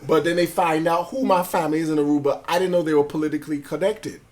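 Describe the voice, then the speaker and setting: A man's voice: a little high, fast. A man, telling his life story as a guest in a casual interview, swearing freely and acting out other people's voices. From Brooklyn, New York. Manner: animated storyteller, acts out voices of family and police; swears freely, street slang.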